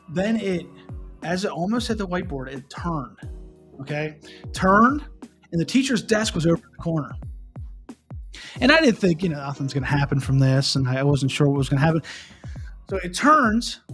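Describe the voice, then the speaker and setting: A middle-aged man hosts a relaxed morning show and tells stories in an animated way. He restarts his sentences and often checks in with the listener. Faint music plays quietly beneath his voice. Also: high-pitched, moderate pace, long pauses. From Pennsylvania. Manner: animated, restarts and repeats, asks the listener questions. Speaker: host. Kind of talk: casual morning show storytelling.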